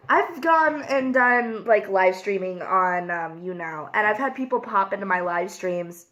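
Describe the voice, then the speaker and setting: A woman's voice: medium pitch, expressive, measured pace, few pauses, fairly bright tone. A young woman vlogger talking candidly and emotionally to camera, full of "like" fillers. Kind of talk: casual confessional vlog while eating.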